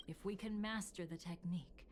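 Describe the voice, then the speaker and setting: A woman voicing a hushed, mysterious guide. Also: fairly low pitch, a little fast, lightly acted. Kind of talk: video game voice acting.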